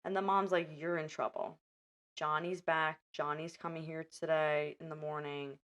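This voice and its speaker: A young woman hosts a casual podcast chat with a voice that sits a touch low. She retells film scenes with animated energy and quotes the characters as she goes. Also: moderate pace. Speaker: podcast host.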